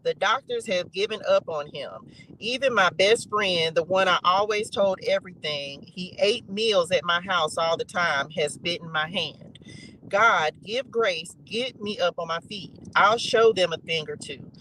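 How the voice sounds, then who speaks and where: A man's voice: high voice, a little slow, pushed and bright, slight background noise, rough recording. A man reading psalms aloud with emphatic repetition and casual asides to a live chat. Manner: emphatic, repeats phrases, colloquial asides. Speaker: online faith reader and streamer.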